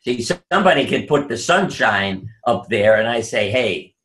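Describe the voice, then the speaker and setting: A man's voice: mid-range voice, animated, normal speed, fairly bright tone. Older guy swapping stories in an interview, plays out the voices of the people in them. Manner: anecdotal, acts out quoted voices. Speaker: guest. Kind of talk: storytelling interview.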